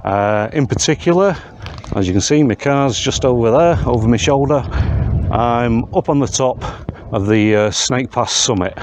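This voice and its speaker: A man talking casually to camera while out on open moorland, chatty and halting with frequent fillers. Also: medium pitch. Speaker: host of a wild camping channel. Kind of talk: casual vlog narration to camera. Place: outdoors on open moorland hills. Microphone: handheld camera mic. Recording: outdoor camera audio with clear noise.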